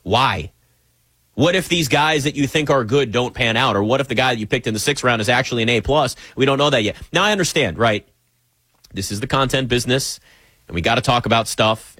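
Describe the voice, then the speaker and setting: Male sports talk host, animated and teasing, dry studio mic. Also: medium pitch, fairly quick, breathy edge, dry recording. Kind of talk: casual sports talk show. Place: radio studio.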